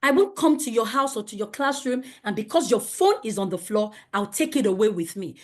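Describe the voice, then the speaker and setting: A woman's voice: a little high, animated, brisk, few pauses. A woman leading a safeguarding training for teachers, speaking emphatically and asking many rhetorical questions.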